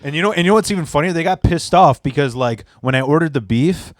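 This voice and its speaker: A man's voice: a little high, expressive, no echo, clean studio sound. A man with a Chicago accent hosting a podcast, chatting in a loose, rambling way with lots of swearing. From Polish background. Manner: loose, rambling, profane, quick to laugh. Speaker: podcast host. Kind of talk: casual chat.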